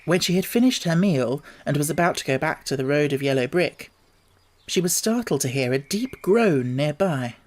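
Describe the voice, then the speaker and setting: A man narrating an audiobook with a steady, measured storytelling delivery. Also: fairly high pitch. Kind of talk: scripted narration.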